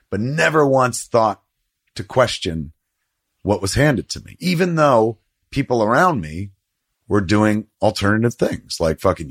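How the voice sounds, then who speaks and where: A middle-aged man hosting a loose, casual conversation in a lowish voice. His pitch swings widely as he rambles and swears, acting out the lines of people in his stories. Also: breathy edge, dry recording, clean studio sound. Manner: profane, rambling storytelling with lively quoted voices. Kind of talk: casual chat.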